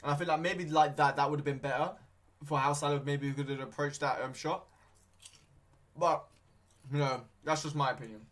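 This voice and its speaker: Young male streamer, higher voice, loose rambling football chat with plenty of fillers. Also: fairly even intonation, normal speed, pauses often, a bit bright. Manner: rambling, hesitant, many fillers; talking with his mouth full at times. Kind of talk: casual live match commentary.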